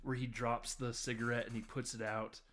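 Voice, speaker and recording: A man talks through a film scene by scene in a relaxed podcast chat. His voice sits in a middle range, and his delivery wanders with plenty of fillers and restarts. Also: mid-range voice, a little fast. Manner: rambling recap with many fillers. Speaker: podcast co-host. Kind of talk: casual film discussion.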